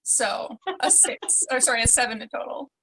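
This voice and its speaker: A woman's voice: fairly high pitch, moderate pace, sharp tone, breathy edge, poor audio. A woman playing in a tabletop game, chatting casually and laughing often. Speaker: player.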